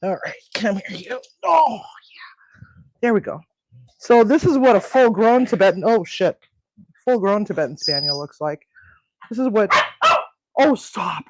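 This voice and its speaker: A woman hosting a casual home cooking video, her talk loose and rambling. She breaks into cooing baby talk when her pets come near. The sound is dry and close, and her pitch sits in the middle. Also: animated, normal speed, pauses often, darkish tone, dry recording. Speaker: home cooking show host. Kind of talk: casual cooking and pet chat.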